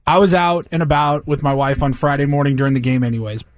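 A man co-hosting a sports talk show, talking things through in a relaxed, conversational way. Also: medium pitch, quick pace, dry recording. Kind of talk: casual sports chat.

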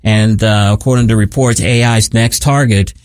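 A man co-hosting a political talk radio show, explaining his points at a measured pace with many fillers. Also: lowish voice, fairly even intonation, smooth, dry recording. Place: radio studio. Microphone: studio microphone.

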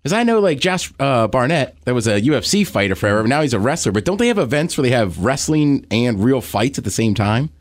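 A man's voice: mid-range voice, very animated, fast talker, hardly any pauses. A man co-hosting a radio show, putting short questions and dry jokes to the guests. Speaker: radio co-host. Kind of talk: casual radio show chat.

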